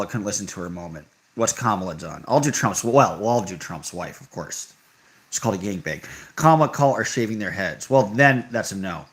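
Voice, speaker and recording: A man's voice: mid-range voice, a bit bright. A young man hosting a live stream, chatting casually and reacting to viewer comments with offhand sarcasm. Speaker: livestream host reading chat. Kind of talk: casual livestream chat.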